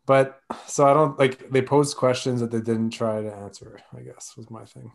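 A man co-hosting a casual movie-review podcast, talking in an animated way. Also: mid-range voice, normal speed, creaky. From Canada. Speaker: podcast co-host. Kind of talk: casual chat.

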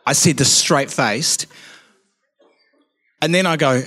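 A man's voice: fairly high pitch, slow, long pauses, bright, forceful tone. A man in his forties preaching a sermon with chatty personal stories and self-mocking jokes.

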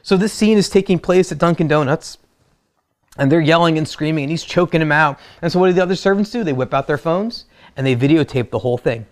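A man's voice: on the high side, quick pace. A man preaching a sermon, who retells the story in a casual, humorous way. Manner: conversational and humorous, acts out quotes. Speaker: pastor.

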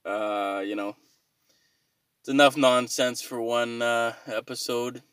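A man's voice: mid-range voice, fairly even intonation, slow pace, a bit bright, clear, resonant tone, dry recording. A man rambling through an exasperated, profane comic rant to his viewers, swearing freely as he complains. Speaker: vlogger.

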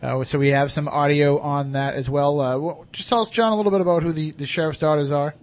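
A man moderates a timed debate, calling out the time and tossing in friendly jokes. His voice sits slightly high. He stays easy and conversational between rounds. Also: fairly even intonation, fast talker. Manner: friendly, joking timekeeper. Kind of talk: casual podcast moderation.

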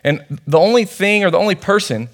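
Young male youth pastor, casual chatty sermon, slightly high voice, storytelling with fillers. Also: expressive, brisk. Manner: conversational, storytelling, many fillers. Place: church.

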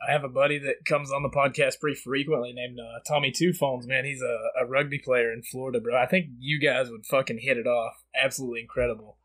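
Brief: casual male podcast host, relaxed, profane, friendly slang. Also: medium pitch, quick pace, few pauses, low-quality recording. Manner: laid-back, swears a lot, says "bro" and "dude". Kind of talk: casual chat.

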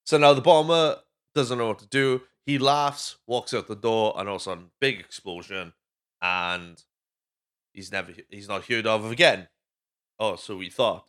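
A man's voice: lowish voice, normal speed, fairly bright tone, clear, resonant tone. A Welsh man hosting a podcast, casually recapping a movie with swearing and rambling tangents. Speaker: podcast host.

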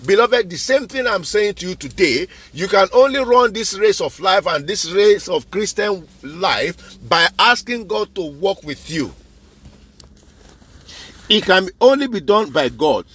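A man's voice: high-pitched, expressive, measured pace, a bit bright, husky. A man preaching a sermon, fervent and repetitive, putting pointed questions straight to his listeners. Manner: fervent, repeats phrases for emphasis; addresses listeners directly with questions.

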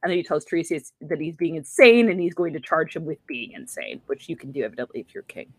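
Woman telling an old myth super casually, swears a lot, lowish voice, dry close sound. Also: very animated, fast talker, no room sound. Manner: irreverent, profane, laughs often. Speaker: podcast host. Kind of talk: casual comic retelling of a myth.

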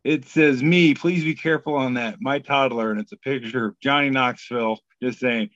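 A man's voice: mid-range voice, fairly even intonation, normal speed, few pauses, a bit bright, dry recording, dull audio. A man hosting a podcast, reading memes aloud in casual, profane comedic chat. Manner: laid-back, profane, breaks into sung bits.

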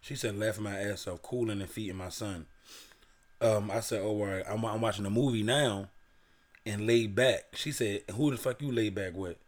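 Young guy from baltimore telling a crude story on a podcast, swearing a lot, reading old texts out loud. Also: on the low side, normal speed. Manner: profane, animated storyteller reading old messages aloud. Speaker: podcast co-host. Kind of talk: casual storytelling chat.

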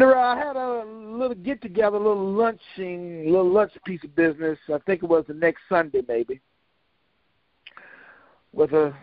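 Older man, folksy joking storyteller, slightly high voice, dry sound. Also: dry recording. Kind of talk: casual storytelling. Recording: dull, lo-fi dry recording.

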